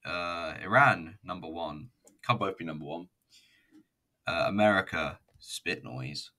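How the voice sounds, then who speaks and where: A man's voice: low voice, a little slow, sharp tone. A man mimicking a boastful heel wrestler. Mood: taunting. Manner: broken clipped English, taunting. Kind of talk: casual impression in a video review.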